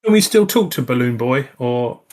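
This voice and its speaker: A man's voice: medium pitch, lively intonation, moderate pace, a little mellow. A man playing a tabletop game, asking the game master questions in a casual way. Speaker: player. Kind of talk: casual tabletop role-play chat.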